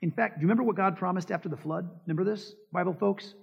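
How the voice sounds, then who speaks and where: A pastor with a high, gravelly, breathy voice fires off his sermon at a rapid clip. He stresses his points, asks the congregation rhetorical questions, and plays out quoted words. Audio quality is dull lo-fi with a long, hall-like reverb.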